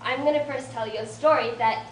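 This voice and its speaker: Brisk and high-pitched, the invited student in her late teens delivers a sincere motivational story to a support group, adding a touch of self-deprecating humor. The meeting room sounds roomy through a distant mic, with faint ambient noise.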